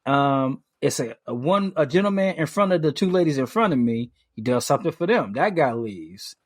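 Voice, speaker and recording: A man on a podcast, telling a story in casual chat, animated, full of fillers and restarts, swearing freely. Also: on the high side, moderate pace, dry recording, studio quality. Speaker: podcast co-host.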